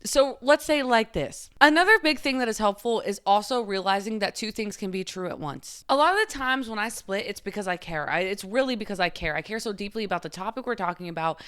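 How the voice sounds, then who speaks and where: Smooth-voiced woman, chatty vlogger. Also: mid-range voice, fairly bright tone. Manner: chatty, frequent filler "like"; open and confiding. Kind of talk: casual advice monologue.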